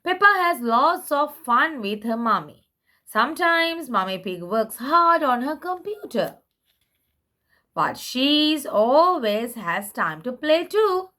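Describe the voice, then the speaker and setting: A woman reading a children's picture book aloud in a slow, sing-song way for small children. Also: sits high, very animated, bright, forceful tone.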